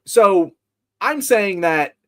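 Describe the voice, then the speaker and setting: A man co-hosting a casual film podcast, animated and profane, often stumbling over repeated words. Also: high voice, extremely slow. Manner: animated, profane, stammering restarts. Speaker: podcast co-host.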